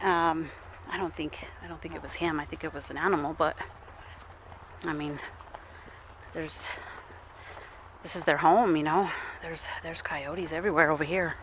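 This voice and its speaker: A young woman vlogs her family's outdoor trail walk in a low, fairly bright voice with fairly even intonation, a moderate pace, and frequent pauses. Breathless from walking, she chats casually, laughs often, and coos at her toddler. The rough recording has slight background noise.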